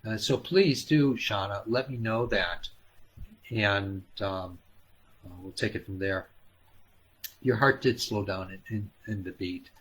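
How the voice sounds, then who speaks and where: A fairly low-voiced man leading a live-stream healing session. He speaks gently and haltingly, pausing often with fillers, and coaxes viewers by name. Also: breathy edge. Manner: coaxing, addresses viewers by name and calls them hon. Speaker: spiritual healer hosting a live Q&A.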